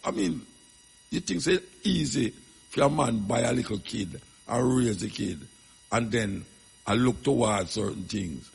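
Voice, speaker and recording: A Jamaican man with a gravelly, husky, medium-pitched voice tells rambling stories in patois on a radio talk show. Animated but unhurried, he leans on emphatic asides while a long reverb follows each phrase.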